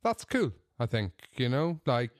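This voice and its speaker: A man's voice: medium pitch, very animated, measured pace, no room sound, clean studio sound. A man co-hosting a podcast in casual chat, easygoing with stammering restarts. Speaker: podcast co-host.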